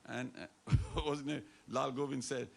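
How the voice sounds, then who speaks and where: A man's voice: mid-range voice, steady tone, measured pace, creaky. A man preaching a devotional sermon to a temple congregation, playful and coaxing, dropping Hindi phrases into his talk. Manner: playful, coaxing the audience to respond and dance. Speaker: temple speaker.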